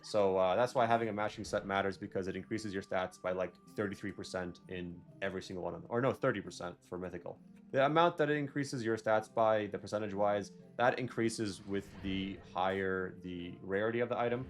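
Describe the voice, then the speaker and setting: A man's voice: sits low, fairly quick, soft background music. A young man giving casual, rambling gameplay commentary, correcting himself and drifting into jokey rants. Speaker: gaming video creator.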